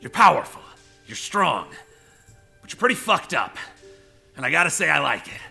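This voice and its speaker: A man's voice: on the high side, big pitch swings, moderate pace, vocal fry, sharp tone, faint music behind, pitched above the performer's own voice, exaggerated voice. A man voicing a boozy, reckless male goblin in a tabletop game, brash and cackling. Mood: rowdy.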